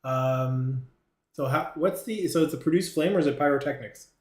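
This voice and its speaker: A man's voice: on the high side, normal speed, darkish tone, roomy sound. A man narrating a tabletop game as game master, hesitant and full of fillers and restarts.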